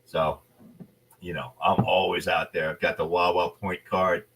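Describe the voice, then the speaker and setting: Low-voiced New Jersey man, animated storyteller. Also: a little slow, slightly rough, far from the mic. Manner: animated storyteller, playful and blunt. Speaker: actor guest. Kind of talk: casual interview chat.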